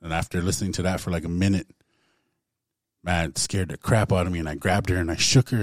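A man's voice: deep voice, flat delivery, fast, no room sound, studio quality. A man casually telling a personal story to a group, laid back and full of "man" and "like". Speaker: guest storyteller.

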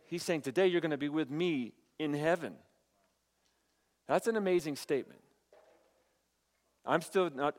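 A man preaching a sermon, telling a story with animated dialogue and asides to his audience. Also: medium pitch. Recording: hall reverb.

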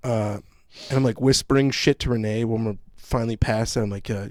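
A male podcast host telling a story in casual chat, with a profane, animated ranting manner. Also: lowish voice, brisk, no room sound, studio quality.

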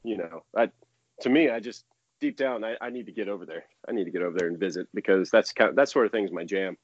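A man in his thirties, a baseball pitcher from the United States, chatting as a guest in a casual interview, rambling and laughing often. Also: quick pace, dull audio.

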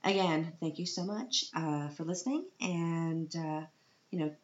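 A woman with a low voice talks casually about her life, chatty and quick with self-deprecating jokes. Her voice sits in a roomy space, and the recording sounds dull with a faint hiss. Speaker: mother giving a personal update. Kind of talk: casual personal monologue.

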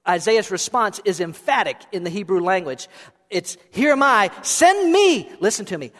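A middle-aged man preaching a sermon as pastor, conversational and playful, asking his listeners questions. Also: high voice. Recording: reverberant hall sound.

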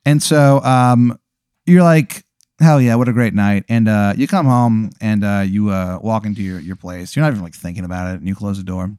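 A man's voice: on the low side, moderate pace, darkish tone, clear, resonant tone, no room sound, clean studio sound. A man telling a rambling, swearing story in casual chat as a comedy podcast host.

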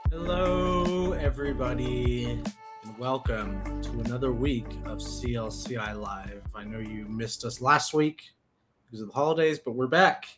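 A man's voice: medium pitch, moderate pace, over music. A man hosting a casual podcast chat, loose and joking as he keeps the talk moving. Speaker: podcast host.

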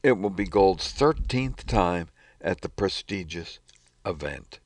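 A man reading news articles aloud in a measured, scripted way. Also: sits low, lively intonation, dry recording.

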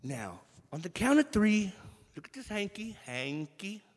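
Lively, higher-voiced man speaking to a congregation, long hall echo. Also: husky. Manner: animated, drawn-out emphatic build-ups. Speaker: church speaker. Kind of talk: inspirational church talk. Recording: long reverb of a large hall.

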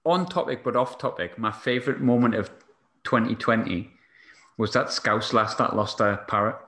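A man's voice: medium pitch, normal speed, a bit bright, echoey room. A man hosting a casual football chat, chatty and jokey, asking lots of questions.

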